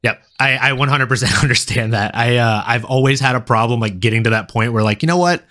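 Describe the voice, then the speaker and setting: Easygoing male host with a bright voice. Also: medium pitch, quick pace. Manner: laid-back, agreeable, laughs often. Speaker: podcast host. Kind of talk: casual interview chat.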